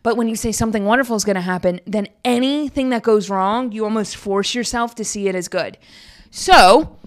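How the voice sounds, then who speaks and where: A young woman with a fairly high, slightly bright and smooth voice hosts her own podcast. She chats casually on her own in an upbeat, rambling way, filling the talk with lots of fillers.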